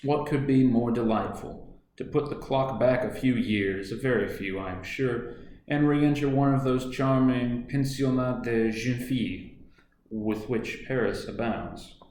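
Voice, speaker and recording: A suave, scheming middle-aged businessman as a man reads him aloud makes his offer in a smooth, coaxing tone. The audiobook voice rings in a roomy, echoey space at an ordinary pitch. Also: unhurried, a little mellow, a little hiss or hum, lightly acted. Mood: smooth persuasive. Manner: suave, coaxing, then menacing. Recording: echoey room.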